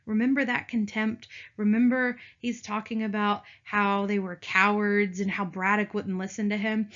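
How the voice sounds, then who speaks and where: A woman's voice: medium pitch, little pitch movement, moderate pace, few pauses, a bit bright. A young woman teaching a history video lecture in a chatty, playful way, often calling her students "you guys". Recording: dull lo-fi recording.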